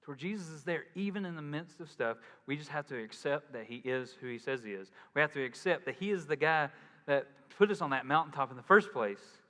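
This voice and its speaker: Preaching in a conversational style, this pastor speaks fairly quickly in a fairly high, pushed, bright voice. He performs the voices of those he quotes, with long reverb from the big hall around him.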